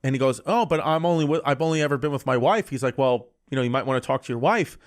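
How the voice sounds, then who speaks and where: A man's voice: medium pitch, quick pace. A man on a podcast telling a long, crude personal story in casual chat, quoting everyone with 'he goes' and swearing bluntly.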